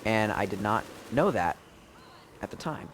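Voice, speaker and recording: Excitable young American man gaming. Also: lowish voice, measured pace, a little hiss or hum. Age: young adult. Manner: bursts into excited shouting at the game. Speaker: celebrity guest. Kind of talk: casual chat while playing a video game.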